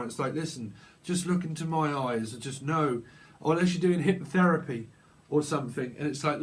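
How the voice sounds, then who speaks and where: A man's voice: a little high, moderate pace. A man giving a casual, rambling tarot reading, repeating phrases and acting out little exchanges. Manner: rambling, repetitive, acts out little dialogues. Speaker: tarot reader. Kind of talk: casual intuitive reading monologue.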